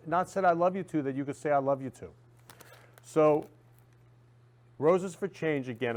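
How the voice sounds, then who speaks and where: A man's voice: medium pitch, darkish tone. Effusive male talk show host. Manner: effusive, repeats phrases, reads viewer comments aloud. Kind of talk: casual talk show monologue.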